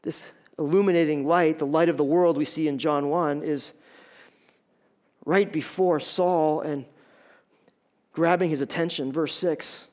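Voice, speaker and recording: A man's voice: on the high side, steady tone, a little slow, pauses often, a little mellow. A man preaching a sermon as pastor, emphatic, often repeating a word as he starts a phrase.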